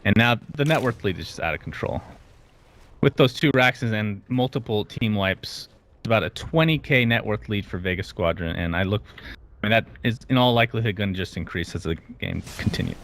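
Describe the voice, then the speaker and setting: A man casting an esports match play-by-play, getting excitable and loud at big plays. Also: a little fast, a little hiss or hum. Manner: excitable, rises sharply in pitch at big plays. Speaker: esports caster.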